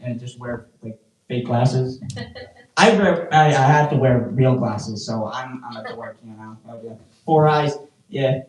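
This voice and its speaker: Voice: mid-range voice, normal speed. Rambling stand-up comic, heard from far off. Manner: rambling, self-mocking, with stammered restarts; bursts into loud mocking shouts. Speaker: stand-up comedian. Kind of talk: stand-up set with crowd work. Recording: roomy, voice picked up from a distance.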